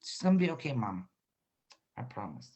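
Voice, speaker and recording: A woman's voice: very deep voice, wildly swooping pitch, normal speed, darkish tone, slightly rough. A middle-aged woman giving an intuitive reading in a casual, reassuring way, with frequent laughs and fillers. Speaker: intuitive card reader. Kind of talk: spiritual reading, casual chat.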